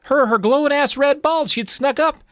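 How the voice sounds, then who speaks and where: A man co-hosting a podcast, reading a book aloud and riffing on it in a wry, swearing, animated way. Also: very high-pitched, normal speed, no echo, studio quality. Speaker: podcast co-host.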